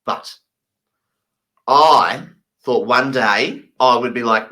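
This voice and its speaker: A man's voice: medium pitch, slow pace, pauses often, pushed and bright, poor audio. A man from England, doing stand-up storytelling and acting out the voices of the people in his anecdotes. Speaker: stand-up comedian.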